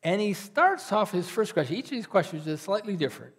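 A man preaching a sermon as a pastor, earnest and pleading, swinging between loud rises and soft, almost whispered drops. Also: high voice, sing-song, brisk, husky.

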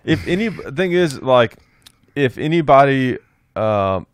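A man's voice: mid-range voice, very animated, slow. A man co-hosting a podcast in casual chat, often hesitant and searching for words. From United States. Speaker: podcast co-host.

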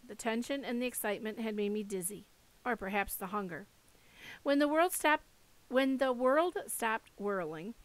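A woman's voice: mid-range voice, fairly bright tone, low-quality recording. A woman reading a first-person novel aloud, expressively voicing the dialogue. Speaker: audiobook reader. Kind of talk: first-person book narration.

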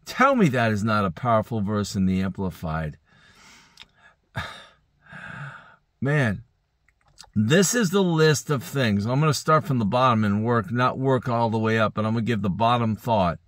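A man's voice: lowish voice, expressive, measured pace, pauses often, no room sound, clean studio sound. A man preaching an early-morning Bible teaching, earnest and rambling, often correcting himself, sleepy and yawning. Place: indoors.

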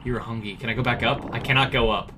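A man doing let's-play commentary, goofing around and yelping at the screen, with a steady hiss of noise under his voice. His pitch sits in a middle range for a man. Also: quick pace. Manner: joking, jumpy reactions, talks to chat. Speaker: streamer.

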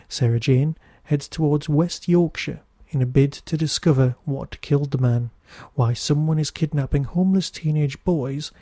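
A man's voice: a little high, moderate pace, hardly any pauses, warm tone, dry recording, clean studio sound. A Newcastle man with a Geordie accent hosting a podcast, reviewing in a chatty, wry, digressive monologue. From Newcastle, England. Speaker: podcast host.

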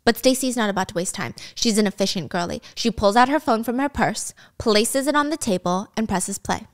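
A woman's voice: on the high side, fairly quick. A woman casually recapping a drama story, chatty and sarcastic, with swearing and laughing asides.

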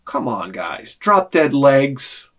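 A man's voice: mid-range voice, very animated, slow, fairly bright tone. Profane rambling male vlogger. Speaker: vlog host. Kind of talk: casual ranting monologue.

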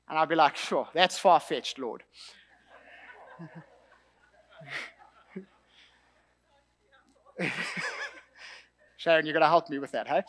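Young South African male preacher, light high tone, relaxed anecdotal delivery. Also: slow pace, long pauses, long reverb tail. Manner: conversational storytelling with asides and light laughter. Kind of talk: sermon.

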